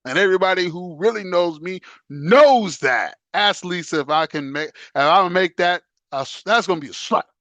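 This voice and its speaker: A man hosting a casual chat show, talking loosely in slang and laughing as he goes. His voice is bright and sits a little high. The recording is close and dry. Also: expressive, normal speed, few pauses, no echo. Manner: loose slangy talk, laughs, sings along. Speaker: host.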